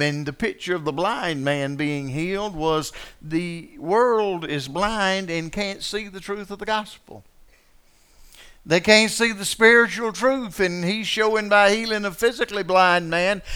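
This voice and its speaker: A man preaching a sermon with a bright, forceful, ringing voice. He talks in a folksy, conversational way, puts questions to the congregation, and swings from hushed asides to loud, impassioned bursts. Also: sits high, clean tone. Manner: preaching with swings from quiet asides to loud, passionate acted quotes. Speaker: pastor.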